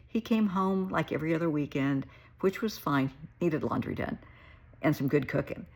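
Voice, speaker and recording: A woman's voice: low-pitched, animated, normal speed, creaky, slightly rough. A middle-aged woman, a therapist, talking straight to her viewers in an earnest, emotional and caring way. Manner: warm, earnest, emotional, addresses viewers as sweetheart. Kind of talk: heartfelt direct-to-camera talk.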